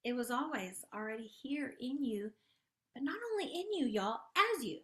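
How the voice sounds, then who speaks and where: A woman hosting a gentle spiritual coaching talk and guided meditation. She speaks soft and tender, draws her words out, and sometimes drops to a hushed near-whisper. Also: on the high side, animated, normal speed. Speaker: host and spiritual life coach.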